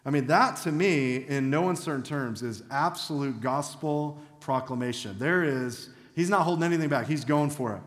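A man's voice: on the high side, moderate pace, hardly any pauses, fairly bright tone. A man preaching a sermon as pastor in a church, talking in a conversational but emphatic way. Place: church sanctuary. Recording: echoey hall reverb.

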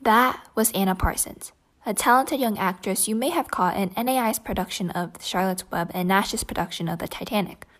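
A woman's voice: medium pitch, normal speed. A woman co-hosting a podcast, chatting in a giggly, playful, rambling way and introducing a guest. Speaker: podcast co-host. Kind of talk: casual podcast chat.

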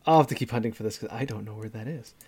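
A man in his thirties, co-hosting a casual gaming podcast and walking through how a game plays, step by step and with animated energy. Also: mid-range voice, fairly quick, husky. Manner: animated, explains games step by step. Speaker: podcast co-host.

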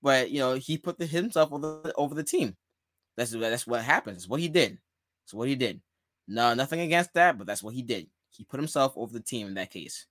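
A man hosting a sports talk podcast, animated and emphatic, repeating his key phrases on a close mic. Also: mid-range voice, brisk, dry recording. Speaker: podcast host.

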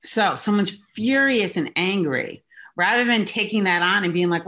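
A woman executive coach is being interviewed in conversation, speaking in an expressive mid-range voice with a sharp tone at a moderate pace. She makes her points emphatically and acts out small examples.

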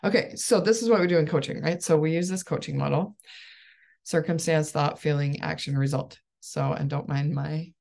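A woman's voice: sits low, normal speed, creaky, a little mellow. A woman in her thirties, a coach and support group host, talking casually and upbeat, laughing often as she explains. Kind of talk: casual solo coaching talk.

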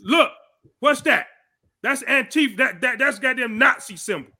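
Angry high-voiced man ranting. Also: lively intonation, moderate pace. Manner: angry, shouting, profane ranting. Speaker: podcast host. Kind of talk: heated political commentary.

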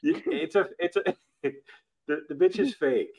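A man's voice: fairly high pitch, big pitch swings, measured pace, darkish tone, rough recording. A man hosting a podcast, ranting bluntly and profanely in casual banter. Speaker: podcast host.

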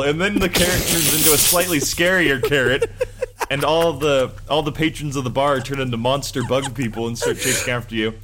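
A man's voice: a little high, normal speed, background noise. A man co-hosting a podcast, rambling through a casual chat with a laughing, sarcastic manner.

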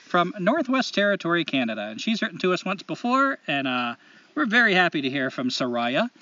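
A man's voice: high-pitched, sing-song, a little fast, bright, forceful tone, no room sound, recorded from a distance, lo-fi sound. A man co-hosting a podcast, talking casually and launching into blunt, profane rants. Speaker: podcast co-host. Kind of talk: casual podcast chat and ranting monologue.

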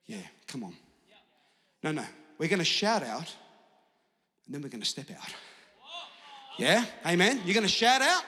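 A man's voice: on the high side, expressive, moderate pace, pauses often, sharp tone. A man preaching to his church with great energy, often acting out the doubting listener in an exaggerated voice. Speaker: pastor. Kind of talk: sermon. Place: large church hall. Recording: long hall reverb.

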